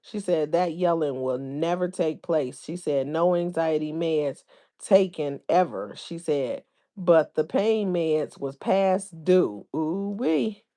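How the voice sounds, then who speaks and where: A woman with a slightly low voice hosts a casual livestream, reading viewers' comments aloud. Her talk is loose and full of everyday slang, easygoing and chatty. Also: slow, dark tone. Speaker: livestream host.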